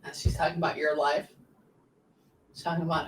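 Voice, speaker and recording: A woman working as a psychic medium, relaying messages in quick bursts and often pausing to say "hang on" during a live reading session. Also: sits low, little pitch movement. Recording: echoey room, distant mic, faint background noise.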